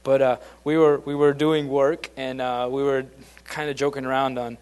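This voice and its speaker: A man's voice: mid-range voice, little pitch movement, normal speed, a little mellow, clear, resonant tone. A man giving an informal, conversational sermon, often restarting his sentences and acting out the voices he quotes. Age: adult, beyond his late teens. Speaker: preacher.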